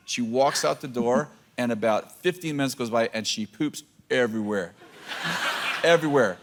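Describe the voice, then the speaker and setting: A man's voice: mid-range voice, moderate pace, slight background noise. A middle-aged man making wry, joking asides during a church message. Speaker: pastor, husband chiming in. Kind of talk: joking sermon banter. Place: church stage.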